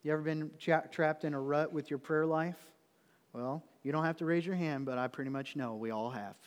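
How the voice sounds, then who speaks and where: A man preaching a sermon to his church in an earnest, conversational way, sometimes dropping to a hush. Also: on the high side, fairly quick, big-room sound. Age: adult. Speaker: pastor.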